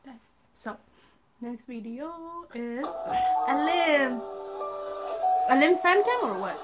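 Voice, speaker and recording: A young woman reacting to fan videos at home, excitable and gushing, swearing and squealing at the screen. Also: high voice, slow, long pauses, low-quality recording. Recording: fan video music playing loudly behind. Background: music playing from the video.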